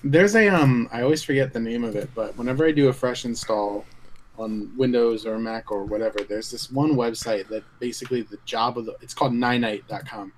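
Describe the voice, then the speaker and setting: A man's voice: medium pitch, fairly quick, rough recording. A man co-hosting a casual gaming podcast, laid-back and joking. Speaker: podcast co-host.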